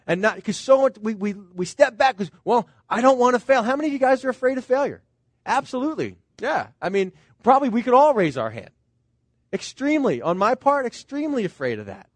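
A middle-aged pastor with a notably high voice delivers his sermon in an earnest, conversational way. He keeps turning to the congregation with rhetorical questions. The recording is dry, with no room echo. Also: big pitch swings, brisk.

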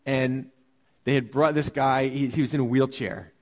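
A man preaching a sermon, teaching verse by verse in a conversational way, asking rhetorical questions and slowing down to read scripture aloud. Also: medium pitch, fairly even intonation, darkish tone. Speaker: pastor.

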